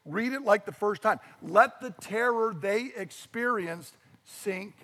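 Animated, higher-voiced preacher. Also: male voice, slow, big-room sound. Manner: animated storyteller, acts out quoted voices. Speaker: pastor. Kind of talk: sermon.

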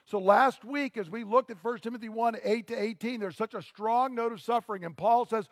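A man's voice: very high voice, normal speed, hardly any pauses, no room sound, clean studio sound, long reverb tail. A pastor preaching a sermon to his congregation, earnest and teaching, with rhetorical questions.

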